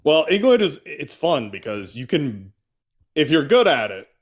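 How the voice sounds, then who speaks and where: A man's voice: a little high, very animated, a little slow. A man in casual banter, chatty and curious, asking others about English accents.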